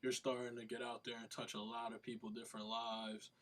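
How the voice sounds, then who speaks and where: A man hosting an interview, encouraging his guest with short affirmations and gentle questions. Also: medium pitch, level tone, brisk. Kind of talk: interview host.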